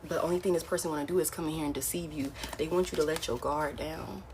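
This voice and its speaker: A woman's voice: deep voice, steady tone, quick pace, background noise. A woman giving a casual, frank tarot reading who keeps repeating her key phrases. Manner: repeats phrases, frank and blunt, addresses listener as baby. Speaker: tarot reader.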